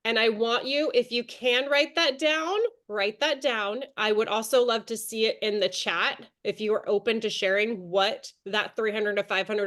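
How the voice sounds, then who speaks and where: A woman's voice: medium pitch, fairly bright tone. A woman in her thirties leading an online team training call, chatty and encouraging, calling on attendees by name. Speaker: direct sales team leader.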